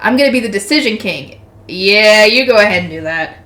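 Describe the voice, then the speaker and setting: A woman's voice: mid-range voice, lively intonation, lightly acted. A woman reading the part of a brash, boastful young male adventurer who picks fights and throws insults. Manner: loud, picky, quick to insult. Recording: echoey room.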